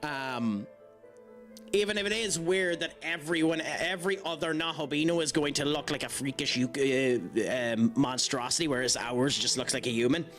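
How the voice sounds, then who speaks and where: A man with an Irish accent, his voice on the high side, a bit bright and at normal speed, is live-streaming a game. Chatty and jokey, with many fillers, he talks to viewers between fights over game music.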